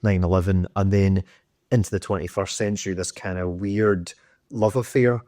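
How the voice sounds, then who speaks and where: A man's voice: sits low, fairly even intonation, normal speed, warm tone, no room sound, clean studio sound. A man in his thirties hosting a podcast, ranting in casual, sweary, opinionated chat. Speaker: podcast host.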